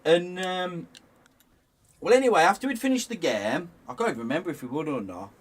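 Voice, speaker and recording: A man's voice: fairly high pitch, expressive, brisk, husky, far from the mic. A young man, a guest on a game stream, telling a story in casual chat, rambling with restarts and laughing often.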